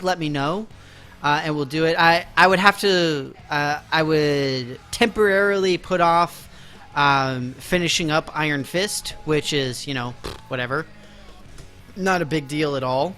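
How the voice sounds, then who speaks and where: A man chats his way through a live game stream, rambling, laughing often and playfully acting offended at his viewers. His voice sits high and sounds bright and forceful. Faint game music plays underneath. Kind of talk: casual live-stream chat.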